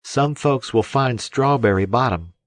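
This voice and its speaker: A cheeky teenage boy from a fishing schooner teases the crew in a quick, raised voice, as a man reads him. The sound is dry and close. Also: medium pitch, no room sound, voice pushed up, close to an everyday voice. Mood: teasing.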